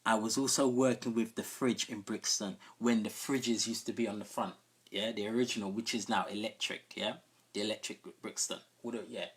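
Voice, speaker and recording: Husky man telling a story. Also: on the low side, fairly even intonation, fairly quick. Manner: conversational, often checking in with listeners. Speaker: sound system host. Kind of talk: casual live-stream storytelling.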